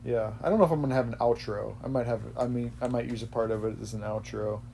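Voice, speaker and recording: A man's voice: mid-range voice, fairly even intonation, quick pace, gravelly, warm tone, slight background noise. A man hosting a podcast, chatting casually in a rambling way that often corrects itself. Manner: rambling, self-correcting, laughs easily. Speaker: podcast host. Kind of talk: casual chat.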